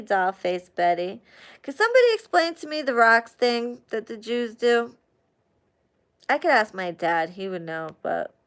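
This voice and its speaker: Profane, animated woman ranting. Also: medium pitch, smooth. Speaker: live stream host chatting with viewers. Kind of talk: casual live chat.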